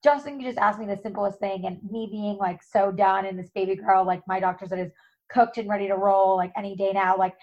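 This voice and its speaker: A woman's voice: mid-range voice, steady tone, fairly quick. A heavily pregnant woman hosting a casual chat, rambling with many likes. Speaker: podcast host. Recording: dull muffled audio.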